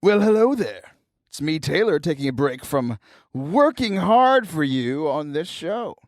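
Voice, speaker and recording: A man's voice: a little high, a little slow, no echo, studio quality. A young man hosting a podcast and talking casually, joking and laughing as he tells stories. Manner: animated, joking, laughs while telling stories. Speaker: podcast host. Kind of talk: casual comedic talk show.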